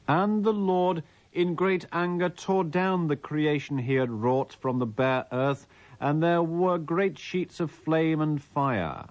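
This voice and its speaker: A man, a radio host reading a listener's letter aloud in a mock-solemn, theatrical way. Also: a little high.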